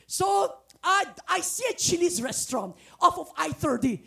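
Woman guest preacher from the former Soviet Union: high, gravelly, exuberant, pleading. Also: expressive, normal speed. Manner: exuberant, often bursting into shouts and sung phrases; earnest, pleading exhortation. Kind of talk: testimony sermon.

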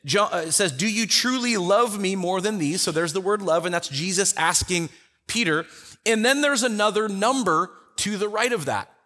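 A man teaching a Bible study in a conversational way, telling the story with lively acted-out quotes. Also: high voice, normal speed, big-room sound. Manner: animated storyteller who acts out the quotes.

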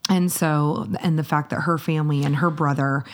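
A woman's voice: sits low, normal speed. A woman in her forties co-hosting a podcast, telling family stories in a casual chat and laughing easily. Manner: laughs easily, lively retelling. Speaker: podcast co-host.

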